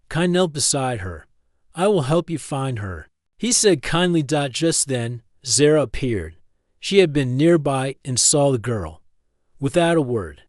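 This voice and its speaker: A man narrating a scripted sci-fi story in calm, steady, plain sentences. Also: medium pitch, dry recording, clean studio sound.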